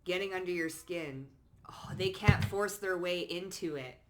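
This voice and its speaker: A woman doing a casual spoken card reading, blunt and sassy, swearing freely and calling the listener honey and baby, jumping from low asides to loud outbursts. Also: a little slow, a little hiss or hum. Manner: blunt, sassy, peppered with swearing and pet names; emphatic, swings between low asides and loud bursts. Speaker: psychic card reader.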